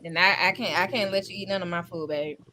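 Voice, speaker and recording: Woman, animated storytelling, bright voice, casual chat. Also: on the low side, slight background noise. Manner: animated storyteller, quick bursts. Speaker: podcast co-host.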